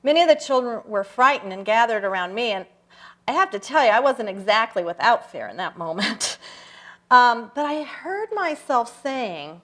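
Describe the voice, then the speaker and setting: An older woman giving a personal talk at a church service, telling stories reflectively with slow, emphatic pauses. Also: fairly high pitch, sing-song. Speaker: guest speaker. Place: church sanctuary.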